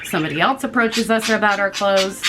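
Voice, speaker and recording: A young woman from the United States, casually telling a storytime vlog in an animated, chatty way and swearing freely. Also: mid-range voice, brisk, very noisy. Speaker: vlogger.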